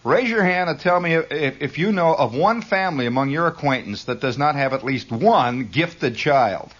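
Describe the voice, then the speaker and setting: A man's voice: on the high side, lively intonation, normal speed, fairly bright tone. A male radio host delivering an improvised monologue in a wry, needling way, now and then slipping into mock voices. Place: radio studio. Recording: dull lo-fi 1960s radio recording.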